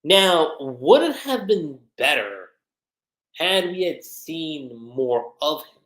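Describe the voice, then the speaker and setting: Casual male reviewer, animated delivery, echoey home room. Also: fairly high pitch, slow. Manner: chatty, many fillers, quotes characters. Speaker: anime reviewer, livestream host. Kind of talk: casual recap commentary.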